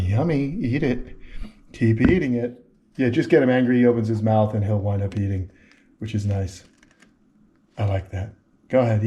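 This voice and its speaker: A man's voice: fairly low pitch, mellow, slight background noise. Upbeat man showing his reptiles. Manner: enthusiastic, talks to the animals. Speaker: vlog host at a turtle and tortoise sanctuary. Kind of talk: casual vlog narration.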